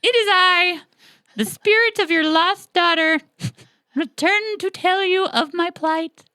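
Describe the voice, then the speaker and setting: A podcast host voicing the spirit of a dead young daughter who speaks as a snake, in a high, overblown and theatrical manner. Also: slow, bright, forceful tone, no echo, full character voice. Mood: dramatic. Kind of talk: comic podcast retelling.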